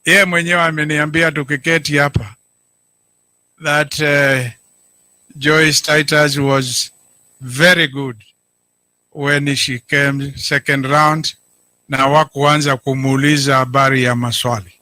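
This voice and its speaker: Kenyan man, middle-aged, slow deliberate speechmaker, bright voice, dry close sound. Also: on the high side, fairly even intonation, no echo. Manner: deliberate orator, stresses key words. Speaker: county governor. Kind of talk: public speech, code-switching.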